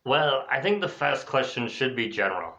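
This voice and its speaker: A man teaching an English class in a lively, chatty way, explaining a role-play exercise and voicing the example phrases at a higher pitch. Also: normal speed. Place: lives in Spain. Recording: dull lo-fi recording.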